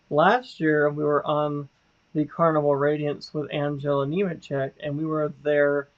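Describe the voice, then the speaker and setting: Casual livestream co-host, man, talkative, fairly high voice, muffled audio. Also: little pitch movement, unhurried. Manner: chatty, laughs often. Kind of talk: casual chat.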